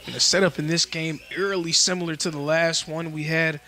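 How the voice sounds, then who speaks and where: A male play-by-play announcer calling a college baseball game. His voice sits a little high for a man and has a bright, forceful edge. He keeps a steady, informative delivery between pitches. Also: fairly quick. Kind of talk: live baseball commentary.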